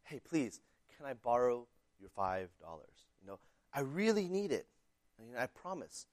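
A man's voice: medium pitch, very animated, moderate pace, a little mellow, dry recording, studio quality, natural voice. A man voicing a sly second-grade girl who keeps pleading and promising. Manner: wheedling, insistent promises.

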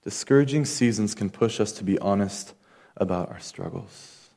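Earnest man preaching, low voice. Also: normal speed, creaky, mellow. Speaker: pastor. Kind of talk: sermon.

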